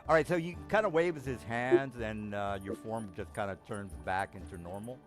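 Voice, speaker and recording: A man narrating a tabletop game as game master, halting with many ums and restarts. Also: fairly low pitch, over music.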